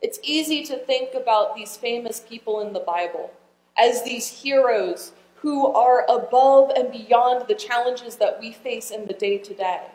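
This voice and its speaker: A woman's voice: on the high side, unhurried, a little mellow. Woman pastor preaching in an echoey hall. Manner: conversational, asks the congregation questions. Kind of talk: sermon.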